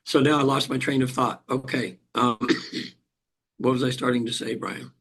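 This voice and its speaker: An older man with a husky, breathy voice recounts a personal experience as an interview guest. He speaks in a middle register, stopping and restarting often and clearing his throat between thoughts. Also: mid-range voice, fairly even intonation, normal speed, a bit bright. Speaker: hypnotherapist guest. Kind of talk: emotional personal storytelling in an interview.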